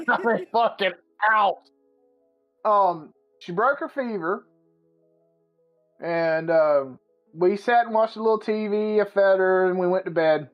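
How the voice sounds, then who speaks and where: A man hosting a podcast, telling a story in a casual, profane and animated way. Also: sits high, slow, long pauses. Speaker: podcast host. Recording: slightly muffled with faint music.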